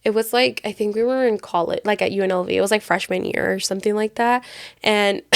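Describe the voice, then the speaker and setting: A woman co-hosting a podcast, telling a long personal story in a loose, animated way, full of filler words. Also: medium pitch, fairly quick. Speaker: podcast co-host. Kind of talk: casual chat storytelling.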